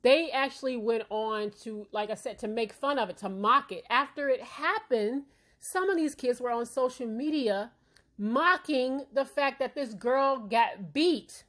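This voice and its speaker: A woman with a fairly high voice giving casual opinion commentary. She speaks bluntly and with emphasis, keeping it real. She keeps checking in with her audience. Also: measured pace, fairly bright tone. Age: adult parent. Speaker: commentary channel host.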